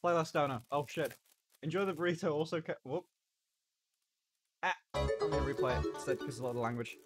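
A man's voice: a little high, fairly quick, soft background music. A man streaming live in casual chat, joking, swearing and eating on camera. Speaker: livestreamer.

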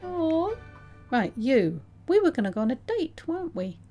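A woman's voice: high voice, big pitch swings, normal speed, warm tone, faint music behind. A woman giving casual, chatty commentary on her game, talking to her characters and laughing often. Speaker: let's play host.

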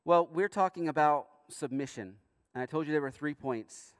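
A man preaching a sermon as pastor in a church, earnest, with emphatic rising bursts and quiet asides. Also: on the high side, moderate pace, smooth, no echo, studio quality, big-room sound. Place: church sanctuary.

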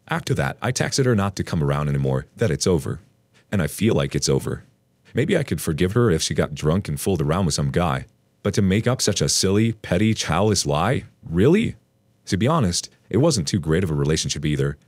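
A man narrating a forum relationship story aloud in a wry, animated storytelling manner. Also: low voice, dry recording. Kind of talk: scripted narration of a forum post.

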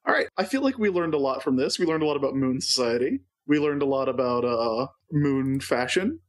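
With an animated, brisk delivery at medium pitch, a man jokes his way through a recap of a cartoon episode. He co-hosts a podcast, and his casual summary of the plot is wry and playful.

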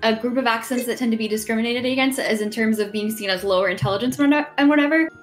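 A woman's voice: a little high, fast, faint music behind. A woman player on a video call, explaining her views in an earnest, careful and thoughtful way. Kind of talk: casual chat on a game call. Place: online group video call. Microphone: home computer mic on a video call.

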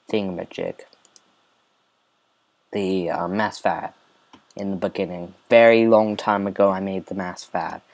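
A man giving casual, rambling commentary over his own gameplay, with mumbled asides and lots of fillers. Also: lowish voice. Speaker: let's play host.

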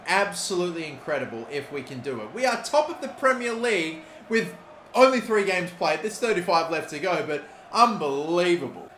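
A young Australian man giving gameplay commentary, excitable, swearing and shouting at big moments. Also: on the high side. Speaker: gaming YouTuber. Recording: echoey room with faint noise.

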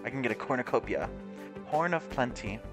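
A man rambles over his gameplay, reading the game's text aloud and swearing now and then. His voice sits at an average pitch. Clear music plays behind his talk. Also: expressive, a little fast. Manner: chatty, swears freely, reads game text aloud. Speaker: gameplay video host. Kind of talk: casual gameplay commentary.

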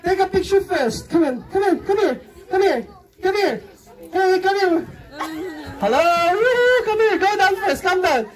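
A woman's voice: very high-pitched, expressive, moderate pace, some chatter behind. A woman hosting a children's game at a film premiere, coaxing kids up and counting aloud. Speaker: event host. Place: film premiere event venue.

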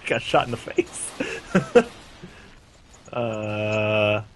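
A young man co-hosting a casual gameplay chat, reacting excitedly and laughing easily. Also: fairly low pitch, drawn-out words, slight background noise, poor audio. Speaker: gaming channel co-host.

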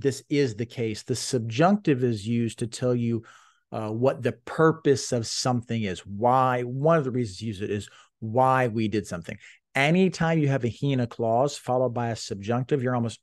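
A man's voice: mid-range voice, a little mellow, no room sound, studio quality. A man teaching a recorded lesson on reading biblical Greek, explaining step by step with frequent restarts. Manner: explanatory, restarts often, varies emphasis.

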